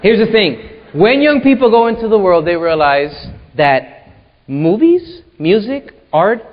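A man co-hosting a church discussion show, giving an emphatic teaching talk with punchy, animated delivery and rhetorical asides. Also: sits high, unhurried. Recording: roomy long reverb, dull lo-fi sound.

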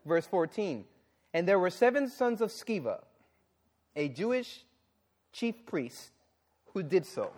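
A man preaching a sermon and reading scripture, exclaiming and questioning the congregation, then dropping to a low, earnest tone for serious points. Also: slow pace, pauses often. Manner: animated, exclaiming and asking the audience questions.

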